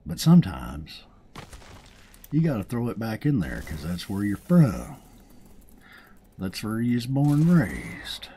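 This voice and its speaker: Southern man for relaxed game commentary; folksy, self-amused, deep and mellow. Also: measured pace, pauses often, slight background noise. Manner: chatty, folksy and self-amused, chuckling often. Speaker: let's play host. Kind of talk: casual gameplay commentary.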